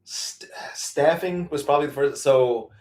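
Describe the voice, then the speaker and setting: A man's voice: a little high, measured pace, darkish tone. A man hosting a casual livestream Q&A about his farm, blunt and profane, laughing as he tells stories. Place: farm in Virginia.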